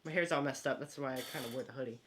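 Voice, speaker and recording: A man's voice: medium pitch, very fast, fairly bright tone, slight background noise. A man chatting on a casual livestream, giggly and hesitant. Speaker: co-host.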